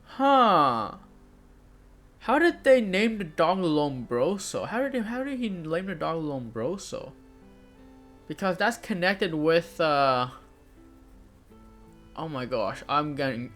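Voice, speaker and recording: A young man with a high, bright voice records a game playthrough at a desk mic. He reads the characters' dialogue aloud with light voicing and drops puzzled asides in between. Faint game music plays underneath. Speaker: gamer. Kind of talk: let's play commentary, reading game dialogue aloud.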